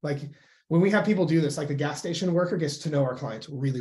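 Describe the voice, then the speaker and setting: A man coaching on weight loss in a casual, blunt and profane way, with lively acted-out inner voices. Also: on the high side, quick pace.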